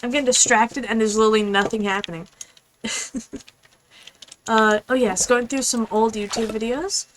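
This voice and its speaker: A young woman streaming a game, chatting casually in a rambling, fast, apologetic way. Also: on the high side, steady tone, a little hiss or hum, low-quality recording. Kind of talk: casual gaming stream chat.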